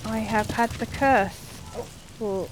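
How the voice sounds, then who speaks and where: A woman's voice: on the high side, slow pace, background noise. A woman chatting with friends over voice chat, telling rambling stories about her day. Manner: chatty, rambling storytelling with frequent restarts and laughs. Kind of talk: casual chat.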